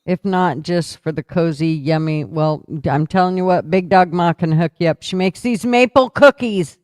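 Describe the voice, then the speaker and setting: A man spins rowdy, profane stories in a loose chat-show setting and laughs his way through them. His voice sits a little high and smooth, and the recording is close and dry. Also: moderate pace, a little mellow, no echo. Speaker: podcast host. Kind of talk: casual storytelling chat.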